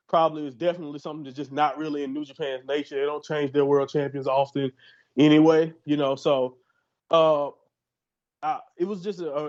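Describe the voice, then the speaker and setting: A man from the United States co-hosting a podcast in casual chat, rambling and animated with many restarts. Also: on the high side, muffled recording. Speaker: podcast co-host.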